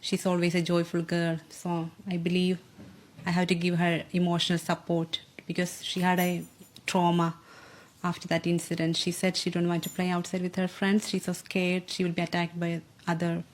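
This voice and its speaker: Flat-voiced hesitant woman. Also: on the low side. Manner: hesitant, soft, halting. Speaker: interviewed mother. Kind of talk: news interview.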